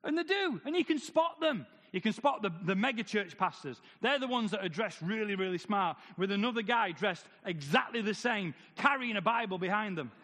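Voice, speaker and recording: A man's voice: high voice, lively intonation, normal speed, hardly any pauses, pushed and bright. A man preaching a sermon, firing off rhetorical questions with wry humor. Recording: long hall reverb.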